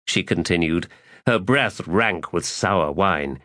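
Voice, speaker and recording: A man narrating a fantasy audiobook in a measured storytelling voice. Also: low voice, lively intonation, sharp tone, no echo, studio quality.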